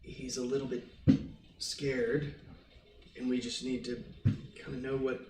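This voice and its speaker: A man's voice: medium pitch, flat delivery, measured pace, darkish tone, slight background noise, lightly acted. A man voicing an anxious, pleading father stuck on a stalled tram in a tabletop game. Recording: roomy distant mic.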